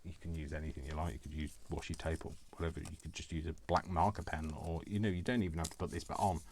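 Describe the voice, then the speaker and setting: A man's voice: rumbling low, fairly even intonation, fast talker, darkish tone, slight background noise. A middle-aged man hosting a casual crafting tutorial, rambling and mocking himself with chuckles.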